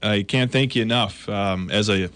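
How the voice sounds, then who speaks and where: A man's voice: fairly low pitch, normal speed, fairly bright tone. A man appearing as a regular guest on a radio talk show, talking earnestly and at length with jokey asides. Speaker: tax accountant guest. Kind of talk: casual radio chat. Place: radio studio.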